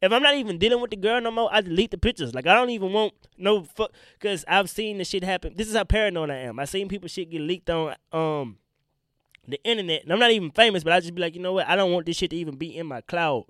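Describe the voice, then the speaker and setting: He talks fast in a high, somewhat bright voice, a young stand-up comic ranting alone on his podcast with blunt, profane rambling. Allergies to pollen leave him slightly congested and sick. The clean studio recording has no echo.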